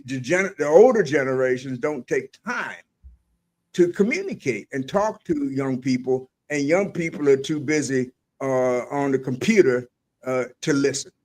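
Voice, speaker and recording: An older man from the Eastern Shore hosting a casual discussion, hesitant and often restarting his sentences. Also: medium pitch.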